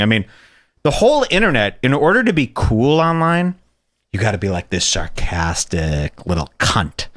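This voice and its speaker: A man ranting through a comedic video commentary, swearing freely as he mocks the clip. His voice is bright and edgy, and it jumps around a wide, lively range. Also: medium pitch. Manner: profane, ranting, animated. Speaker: host.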